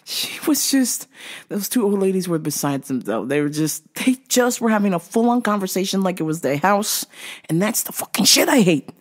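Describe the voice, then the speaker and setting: On her own show, a woman rants casually and comically at a moderate pace in a medium-pitched voice. She swears constantly, stays animated, and breaks into laughter often.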